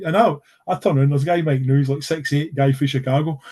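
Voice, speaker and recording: On a relaxed podcast, a middle-aged man from Scotland talks quickly in a fairly high, darkish voice with fairly even intonation. He's a guest spinning conversational stories, rambling and restarting with lots of fillers, but sincere about what he's discussing.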